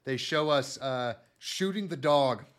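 Man recapping with deadpan jokes. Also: medium pitch, a little slow. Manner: deadpan storytelling, bursts into loud mock voices. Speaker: podcast host. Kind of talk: casual comedic anime recap.

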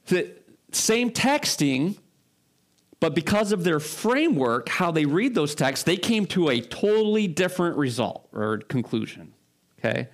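Brief: male pastor, conversational sermon delivery, slightly high voice, casual and rambling. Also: very animated, normal speed. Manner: informal, frequent fillers and restarts, rhetorical check-ins.

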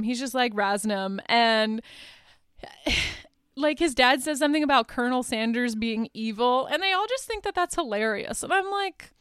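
A woman with a somewhat high, smooth voice recaps a movie for her podcast. She rambles casually, scattering "like" and "um" and small laughs through her sentences. The sound is close and dry, with no room around it. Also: a bit bright, dry recording. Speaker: podcast host.

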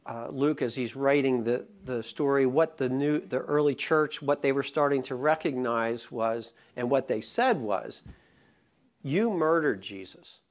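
A man preaching a sermon. He talks casually with many fillers, then builds to slow, impassioned emphasis. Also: mid-range voice. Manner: conversational, rising to impassioned emphasis; many fillers and restarts in the calmer parts. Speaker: pastor.

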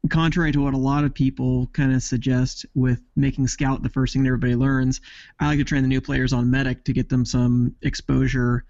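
A man's voice: mid-range voice, level tone, brisk, vocal fry, a little mellow, no echo, lo-fi sound. A man co-hosting a podcast in casual chat, talking things through with dry, sarcastic humor. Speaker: podcast co-host.

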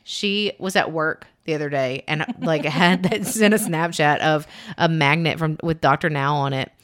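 A woman's voice: sits low, moderate pace, fairly bright tone, no room sound, clean studio sound. A woman in her thirties co-hosting a casual podcast, rambling and self-deprecating and laughing often. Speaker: podcast co-host. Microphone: studio podcast mic.

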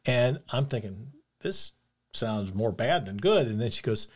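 A man's voice: mid-range voice, lively intonation, unhurried. An older man, earnest and reflective, telling a personal story about faith and loss. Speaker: podcast co-host.

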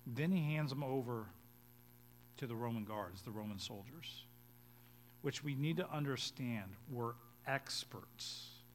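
A male pastor preaches a sermon a little slowly, reading scripture aloud and explaining it. His voice swells to loud, emphatic peaks and then drops low and quiet, with a little hiss or hum on the recording.

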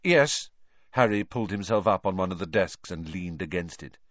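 A man reading a novel aloud as an audiobook narrator, with expressive delivery. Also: low-pitched, brisk, dry recording, lo-fi sound.

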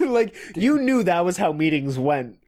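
Young guy riffing on a comedy podcast, goofy and playful, higher voice. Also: very animated, measured pace, a little mellow. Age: young adult. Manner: playful, riffing, bursts of laughter. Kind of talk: casual comedic chat.

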